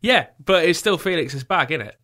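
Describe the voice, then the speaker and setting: A man's voice: fairly high pitch, lively intonation, pushed and bright. A man chatting casually with friends as a panelist, joking and laughing often. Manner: jokey, laughs often, quick asides. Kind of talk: casual chat.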